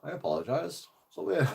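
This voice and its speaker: On his channel, a man recounts a story in a casual, profane way, animated and indignant, with plenty of swearing. His voice is fairly high and creaky, with a breathy edge.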